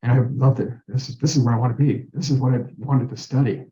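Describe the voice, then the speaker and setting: A man tells his own story with earnest, animated delivery, voicing the people he quotes as he goes. His voice is mellow and dark. It sits in a roomy space and comes through a muffled, lo-fi recording. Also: medium pitch, fast. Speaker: guest telling his story. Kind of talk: personal storytelling. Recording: roomy dull-sounding recording.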